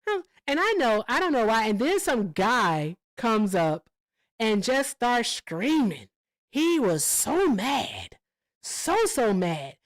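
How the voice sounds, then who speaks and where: A woman livestreamer tells stories on a casual show, swearing freely and jumping up in pitch when she gets worked up. Her voice sits a little high, and the sound is dry and close with no room echo. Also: takes it slowly. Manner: profane, animated storytelling with sudden pitch jumps. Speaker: livestream host.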